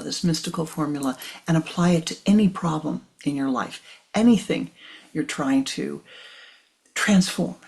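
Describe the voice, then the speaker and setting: Older female spiritual teacher; low, gravelly, soft-spoken voice that drops to near whispers and repeats for emphasis.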